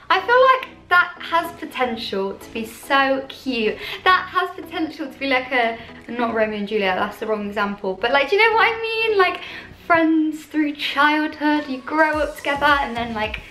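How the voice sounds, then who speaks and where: A woman's voice: high-pitched, lively intonation, unhurried, pushed and bright. A young British woman chatting in a bubbly, self-deprecating way as she reacts to viewer confessions on her vlog. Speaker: YouTuber. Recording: echoey room with faint music.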